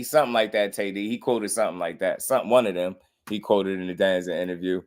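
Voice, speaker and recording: A young man hosting a casual boxing livestream, animated and slangy, laughing often and mimicking people. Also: deep voice, fast talker. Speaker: boxing commentary host.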